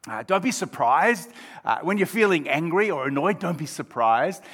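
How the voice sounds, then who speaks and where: A man's voice: fairly high pitch, a bit bright. A man preaching a sermon as pastor of his church, joking and drawing the congregation in. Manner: humorous, engaging the congregation.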